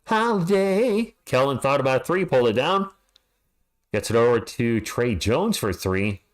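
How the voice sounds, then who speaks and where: A man calling a live game as a fan play-by-play streamer. He is excitable, talks to his chat, and yells at the team, alone at home. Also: medium pitch, normal speed.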